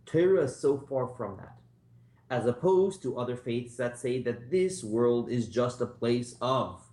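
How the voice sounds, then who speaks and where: A man's voice: mid-range voice, unhurried, a little mellow. A man teaching an informal Torah class, telling stories in a conversational way and putting questions to the class. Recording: roomy echo.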